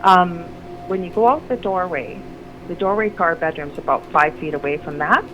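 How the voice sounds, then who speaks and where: A woman's voice: fairly low pitch, normal speed. Rambling middle-aged woman, lo-fi audio. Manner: rambling, restarts sentences, animated when quoting others. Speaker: guest. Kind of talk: telling a personal story on a call-in radio show. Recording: lo-fi with noticeable background noise.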